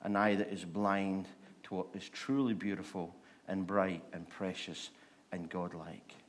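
A man preaching a sermon, repeating rhetorical questions and slowing down to stress words. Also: sits low, fairly even intonation, slight background noise.

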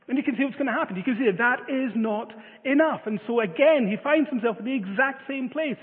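A man's voice: extremely high pitch, fast talker, hardly any pauses. A man preaching a sermon, telling a story with many filler uhs. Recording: phone-like reverberant sound.

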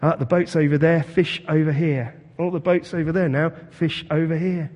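A man's voice: on the high side, fairly even intonation, normal speed, darkish tone, big-room sound, lightly acted. A man voicing Jesus as an adult male figure, coaxing fishermen in a retold sermon story. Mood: playful.

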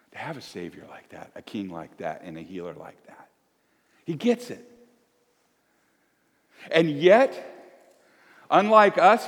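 A man's voice: medium pitch, long reverb tail. A man in his fifties preaching as a pastor, folksy and emphatic, asking one question after another. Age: 50s. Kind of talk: sermon. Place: church.

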